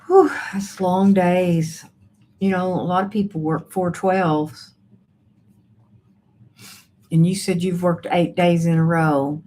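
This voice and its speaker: A woman's voice: lowish voice, fairly even intonation, slow, long pauses, warm tone. A woman hosting a casual livestream from home, chatting and greeting viewers by name. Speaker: livestream host reading viewer chat. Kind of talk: casual live chat. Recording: faint background noise.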